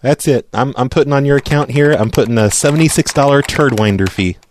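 A man making a prank phone call, loud, crude and mocking as he hectors the person on the line. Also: mid-range voice, fairly quick, slight background noise. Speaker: prank caller.

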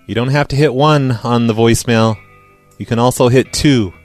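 A man's voice: mid-range voice, moderate pace, soft background music. Dry, sarcastic man hosting a podcast. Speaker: podcast host. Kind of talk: casual voicemail show banter.

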